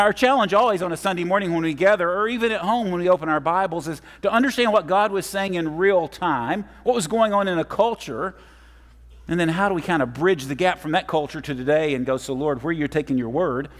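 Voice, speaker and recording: A man's voice: on the high side, brisk. A man giving a guest sermon in a church, friendly and telling stories with humor. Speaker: guest preacher. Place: church sanctuary. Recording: long reverb of a church hall.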